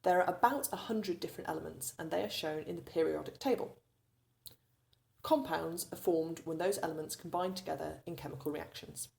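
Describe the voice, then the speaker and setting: A woman with a low, somewhat gravelly voice walks students through chemistry revision. She explains patiently, one step at a time, in the tone of a recorded teaching video. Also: brisk, a little mellow.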